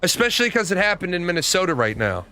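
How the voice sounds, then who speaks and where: A man's voice: high voice, very animated, quick pace, sharp tone, faint music behind. A middle-aged man giving blunt, profane opinions in casual commentary, answering his viewers' comments as a show host. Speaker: podcast host.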